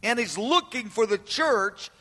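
A man delivers a sermon in a high, bright voice that rings out through a reverberant hall. He speaks with emphasis, circling back over key phrases and drawing quoted cries out slowly and loudly. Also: expressive. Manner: emphatic, repeats phrases, swells loud and slow on quoted cries. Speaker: preacher. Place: room with an audience.

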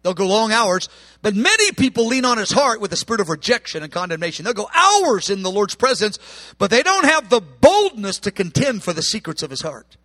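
A man preaching a sermon with passion, acting out quoted voices and swinging from hushed tones to shouts. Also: high-pitched, very animated, a little fast, dry recording.

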